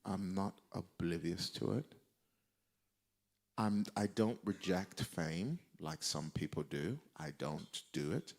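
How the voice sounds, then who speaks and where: A male preacher delivering a sermon, emphatic and repeating key lines for effect, with a gravelly voice. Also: sits low, takes it slowly, darkish tone.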